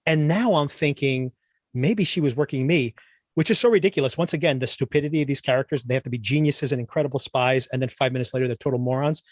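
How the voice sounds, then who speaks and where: A man's voice: mid-range voice, quick pace, no room sound. Exasperated man ranting about a show. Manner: exasperated, sarcastic, laughs at what he mocks. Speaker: podcast host. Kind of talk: casual TV review chat.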